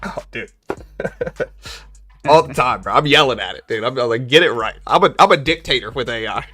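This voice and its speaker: A man's voice: mid-range voice, normal speed, husky. A young man hosting a live trading stream, chatting casually and slangily with his audience and reading their comments aloud. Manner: chatty, slangy, reads chat aloud, animated when joking. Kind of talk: casual livestream chat.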